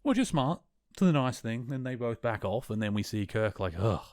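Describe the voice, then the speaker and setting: At a normal speed, a man with a mid-range, darkish voice swings widely in pitch, recorded in studio quality with no room sound. Hosting a podcast, he casually and eagerly goes over an episode, laughing at times and repeatedly self-correcting.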